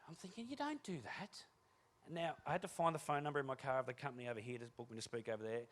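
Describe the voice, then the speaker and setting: A man giving a humorous keynote talk on stage, telling energetic, joking stories to an audience. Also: mid-range voice, very fast. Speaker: keynote speaker.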